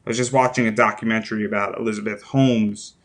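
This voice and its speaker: A man with a fairly low voice hosts a relaxed interview. He rambles and thinks out loud, circling back and restarting his sentences as he goes. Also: fast talker. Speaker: podcast host. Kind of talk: casual interview chat.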